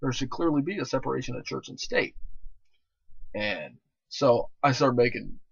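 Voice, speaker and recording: A man's voice: medium pitch, lively intonation, moderate pace, vocal fry, breathy edge, dry recording. Young man swearing through a story, lo-fi. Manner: laughing, heavy swearing, rambling restarts. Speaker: vlogger telling stories. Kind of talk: casual profane storytelling. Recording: dull lo-fi dry recording.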